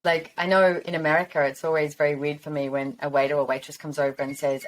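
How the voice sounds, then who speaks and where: Woman host, low voice, chatty and encouraging, casual rambling monologue. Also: level tone, fast talker. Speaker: podcast host.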